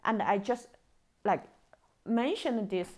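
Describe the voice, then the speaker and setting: A woman's voice: medium pitch, animated, slow. A woman hosting a podcast in casual chat, talking animatedly with many fillers and acted-out quotes. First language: Chinese. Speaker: podcast host.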